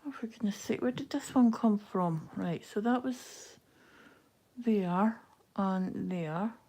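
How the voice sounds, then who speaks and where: A woman's voice: mid-range voice, slow pace, mellow. A woman hosting a livestream while she stitches, counting and muttering asides half to herself, flustered and hot. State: flustered and overheated. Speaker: livestream host. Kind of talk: casual self-talk while stitching on a livestream.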